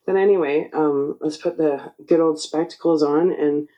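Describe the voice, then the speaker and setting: A woman in her forties hosting her own channel, speaking in an emotional spiritual monologue, choked up and halting. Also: sits low, fairly even intonation, mellow, poor audio. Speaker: channel host.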